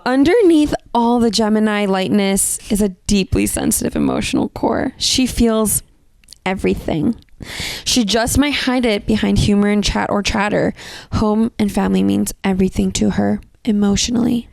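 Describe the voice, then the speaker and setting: A woman's voice: mid-range voice, moderate pace, vocal fry, dry recording. A young woman co-hosting a podcast, chatting casually, swearing and acting out quotes as she tells stories. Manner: animated storytelling, swears, acts out quotes. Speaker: podcast co-host. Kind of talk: casual chat.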